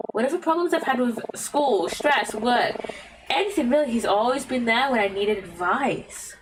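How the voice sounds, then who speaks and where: A British woman voicing an anxious, guilt-ridden young woman in a video game, reading softly and hesitantly. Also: a little high, recorded from a distance, noisy background, natural voice.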